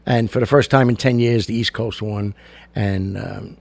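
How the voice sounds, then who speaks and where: An older show host rambles through a chatty monologue of jokes and blunt opinions, heavy on fillers. He speaks at a normal pace in a gravelly, fairly low voice with fairly even intonation, and there's no echo.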